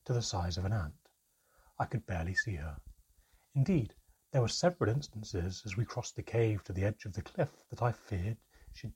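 A man narrates an audiobook in a dramatic, first-person storytelling manner. His voice sits low and sounds very husky and breathy. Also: a little mellow.

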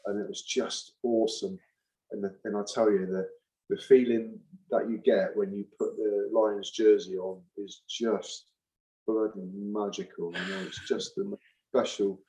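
A man's voice: lowish voice, fairly even intonation, unhurried, warm tone, low-quality recording. A middle-aged man, a retired rugby forward, talking in an interview, emphatic and repeating phrases for force. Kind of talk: impassioned interview talk.

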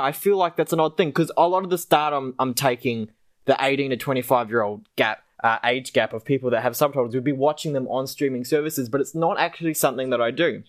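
Rambling young man, lively pitch. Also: no room sound, clean studio sound. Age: 20s. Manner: rambling, hesitant, many fillers. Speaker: young panelist. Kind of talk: casual radio panel chat.

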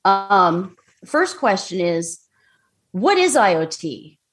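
A woman's voice: medium pitch, big pitch swings, slow, soft background music. A woman co-hosting a podcast, asking the guests questions in a friendly way. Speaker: podcast co-host. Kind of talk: casual podcast chat.

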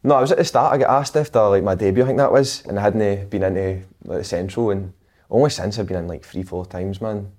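A young Scottish man chats casually as a podcast guest, tumbling through anecdotes. His voice sits low and he talks fast. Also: a little mellow. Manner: chatty storytelling, laughs often. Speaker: guest footballer. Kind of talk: casual chat.

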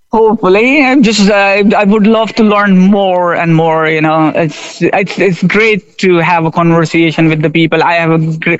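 Guest: man, fairly high, smooth voice, friendly and halting, dry muffled sound. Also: fairly even intonation, no room sound. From Pakistan. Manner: halting, friendly, laughs often. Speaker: interview guest. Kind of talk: casual interview chat.

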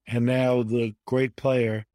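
A man's voice: mid-range voice, flat delivery, slow pace, warm tone, no echo. An older man, a guest in an interview, telling anecdotes in an emphatic way and repeating words for stress. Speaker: bridge player guest.

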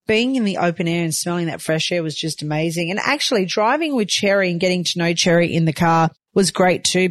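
A woman's voice: on the low side, no room sound. A woman with an Australian accent, a reality show cast member talking candidly and emphatically in a confessional, with casual swearing.

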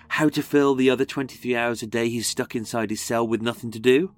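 A man's voice: mid-range voice, steady tone, brisk, hardly any pauses, soft background music. A man narrating a scripted talk with sarcastic, theatrical asides. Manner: mocking, theatrical. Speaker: podcast host.

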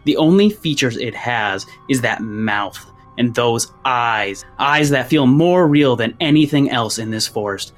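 A man's voice: medium pitch, unhurried, few pauses, faint music behind. A man acting as game master, narrating a tabletop game in tense second person, then explaining rules casually.

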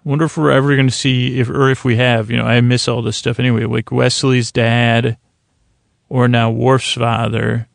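A man talks through an episode in a relaxed, meandering recap, full of hesitations and restarts. His voice is gravelly and fairly monotone. The sound is close and dry. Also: medium pitch, moderate pace, dry recording. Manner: rambling, hesitant, lots of fillers. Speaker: podcast host.

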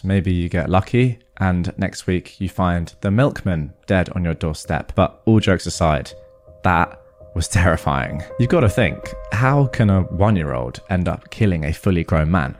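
A man hosting a podcast, reading reddit stories aloud with animated delivery and wry asides. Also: deep voice. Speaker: podcast host and narrator.

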